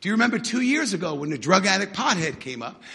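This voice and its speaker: Fiery, raspy-voiced male preacher. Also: high-pitched, very animated, fast, long reverb tail. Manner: shouting, building to fervent peaks. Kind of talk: fiery sermon.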